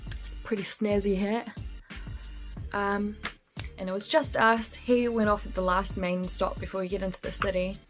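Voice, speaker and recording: A woman telling a spooky story in casual chat while doing her makeup, laughing often and using lots of fillers. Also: medium pitch. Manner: chatty, laughs often, full of fillers and slang. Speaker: beauty vlogger.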